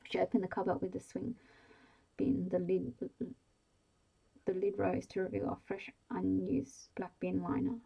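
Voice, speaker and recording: Hushed, husky woman reading a bedtime story. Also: lowish voice, lo-fi sound. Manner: slow, hushed, even delivery. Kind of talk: soft-spoken ASMR bedtime story reading.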